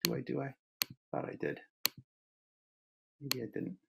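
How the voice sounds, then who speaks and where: A man's voice: mid-range voice, a little slow, creaky, heavy background noise. Chatty middle-aged man telling stories. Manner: animated, chatty, many restarts and fillers. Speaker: dance instructor giving a presentation. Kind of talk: casual storytelling lecture. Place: home set-up for an online event.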